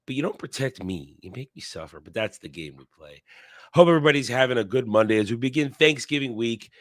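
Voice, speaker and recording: A man's voice: medium pitch, animated, quick pace, dry recording, studio quality. A man hosting a casual live stream, sick with a strained voice, rambling with restarts and the odd cough. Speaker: host.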